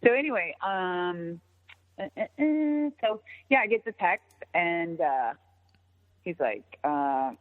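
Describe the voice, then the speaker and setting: A woman in her fifties, a guest in a phone interview, telling a story in an animated, profane way and acting out the dialogue. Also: on the low side, takes it slowly. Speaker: interview guest, former wrestler. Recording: tinny phone line with long reverb.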